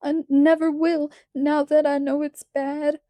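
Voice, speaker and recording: A woman reading aloud gives voice to an impish six-year-old boy in a storybook. He speaks high and pleading, between sobs, with childish slang, in a close, dry sound. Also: moderate pace, warm tone, no room sound, close to an everyday voice. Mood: sobbing.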